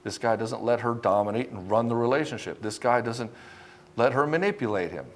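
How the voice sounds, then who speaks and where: A man's voice: medium pitch, brisk, slight background noise. A man coaching other men on relationships, talking straight to the camera in a blunt, confrontational way, swearing often and mimicking the men he criticizes. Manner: mocks men by mimicking them. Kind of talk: direct-to-camera coaching talk.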